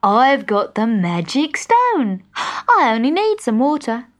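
A woman doing a crafty, smooth-talking tramp. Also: on the high side, sing-song, slow, pitched above the performer's own voice. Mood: wheedling. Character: crafty, cheerful male tramp. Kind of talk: storybook reading.

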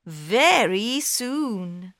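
A woman voicing a clever male talking cat in a storybook, high-pitched and excitable. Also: drawn-out words, no room sound, studio quality, heavily acted. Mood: eager. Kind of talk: storybook reading.

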